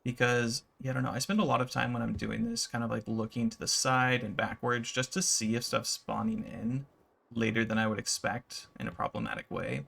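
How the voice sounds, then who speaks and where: Gaming YouTuber, male, gravelly, mid-range pitch, loose rambling commentary over gameplay. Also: brisk. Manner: relaxed, rambling, many fillers.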